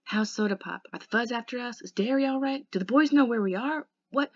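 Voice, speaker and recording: Woman reads anxious teen boy: eager, quick questions, audiobook style. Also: on the high side, muffled recording, voice pushed up, close to an everyday voice.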